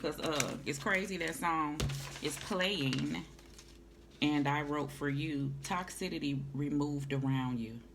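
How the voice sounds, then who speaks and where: A woman with a low voice gives a casual tarot reading at a slow pace, calling the listener honey and baby. The home recording is noisy.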